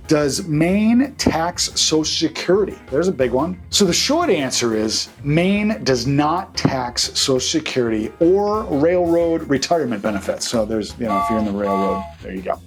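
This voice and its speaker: A man hosting a casual vlog as a real estate agent, chatty and joking as he reads out questions and answers off the cuff. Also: mid-range voice. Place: Maine.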